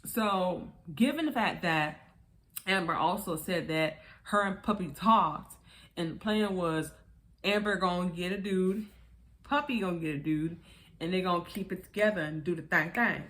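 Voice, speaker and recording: A woman with a lowish voice casually recaps a reality TV episode at a moderate pace. She's animated, acting out the cast's lines and laughing along as she goes.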